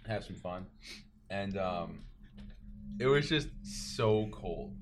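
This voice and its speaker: A man's voice: low voice, animated, slow, background noise. A man telling a jokey story in a casual podcast chat. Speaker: podcast regular.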